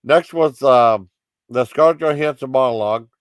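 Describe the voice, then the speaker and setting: A man's voice: mid-range voice, moderate pace, no echo. Guy reviewing TV sketches in a loose, rambling, giggly way; dry, close-sounding recording. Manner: rambling, with many fillers and giggly asides. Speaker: TV comedy show reviewer. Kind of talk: casual chat.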